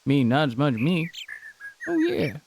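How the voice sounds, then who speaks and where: A man's voice: on the high side, wildly swooping pitch, measured pace, gravelly, darkish tone, a little hiss or hum, full character voice. A man voicing a friendly, chatty male villager in a put-on Southern American accent, reading game dialogue aloud with a homey drawl. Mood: chummy. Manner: drawling, homey, calls listener buddy.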